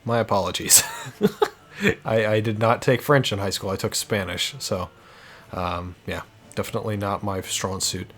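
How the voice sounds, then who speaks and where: A man's voice: fairly low pitch, steady tone, moderate pace, fairly bright tone, faint music behind. A man giving casual, self-mocking gameplay commentary and swearing freely. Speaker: video game let's-player.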